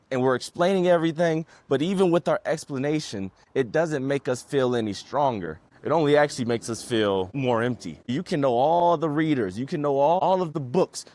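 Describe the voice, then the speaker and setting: Male solo podcast host, earnest and reflective, mid-range pitch, storytelling delivery. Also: a little mellow, no room sound.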